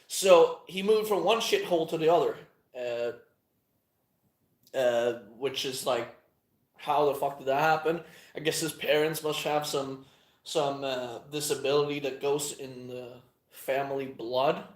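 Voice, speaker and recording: Profane rambling man, echoey room. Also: medium pitch. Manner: profane, meandering, halting with many fillers. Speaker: channel host. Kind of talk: casual rambling monologue.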